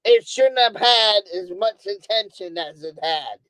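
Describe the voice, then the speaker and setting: A woman's voice: mid-range voice, expressive, unhurried, a bit bright, dry recording, low-quality recording. A woman streamer on a profane, angry monologue who hammers on the same words again and again. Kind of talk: ranting monologue. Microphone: streaming microphone.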